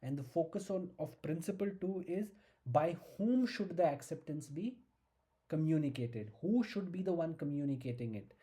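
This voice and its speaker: Husky, very dark-voiced law lecturer. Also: medium pitch, lively intonation. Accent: Indian English. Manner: slow, emphatic, repeats key questions and asks "okay?". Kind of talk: exam-prep lecture.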